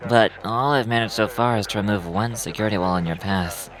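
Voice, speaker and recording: An actor playing a composed, formal male researcher who explains things in a measured, polite way. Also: fairly low pitch, music in the background, close to an everyday voice.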